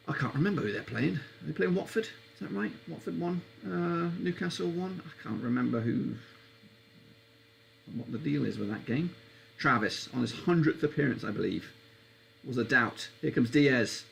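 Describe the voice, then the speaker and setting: A man talks through a football match live for his stream viewers, a gravelly, creaky edge to his voice. His pitch shoots up when a chance is on, then drops back into easy chat. A faint hiss sits under the recording. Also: normal speed. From England. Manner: excitable, voice leaps up high on chances. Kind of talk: live football watchalong commentary.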